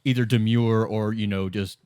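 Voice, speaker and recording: A man's voice: fairly low pitch, steady tone, moderate pace, warm tone, clear, resonant tone, dry recording. A man in his thirties talks through a game in easy podcast chat, his voice dry and close with no room around it. He is wry and sarcastic and breaks into laughter often. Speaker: podcast co-host. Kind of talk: casual chat.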